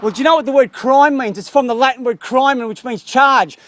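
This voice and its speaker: A man's voice: very high voice, a little fast, fairly bright tone. An Australian man in a heated street argument with police, ranting angrily and swearing a lot. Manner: angry, profane ranting. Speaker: member of the public confronting police.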